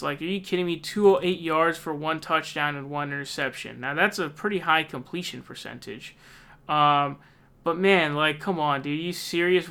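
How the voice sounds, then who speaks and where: A young man vents in a frustrated, profane rant, his voice pitched slightly high and sharply bright. His tone stays clear and crisp as he keeps returning to exasperated outbursts. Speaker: sports fan ranting. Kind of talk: angry casual rant.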